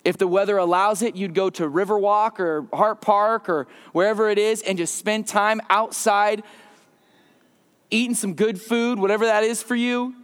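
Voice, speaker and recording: Man pastor, high voice, slow measured delivery, church sermon, long hall reverb. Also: steady tone, a bit bright, clear, resonant tone. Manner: conversational preaching, slows and drops his voice for emphasis. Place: church sanctuary.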